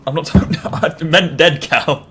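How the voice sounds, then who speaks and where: A man's voice: on the high side, a little slow, crowd noise. A man hosting a casual gaming stream, joking and bantering with chat. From England (York). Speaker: streamer host.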